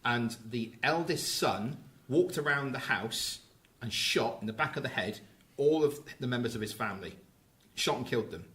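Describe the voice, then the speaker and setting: Male podcast host, animated storyteller, bright edge to the voice. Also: medium pitch, moderate pace. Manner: lively storyteller recounting film plots. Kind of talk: casual podcast chat.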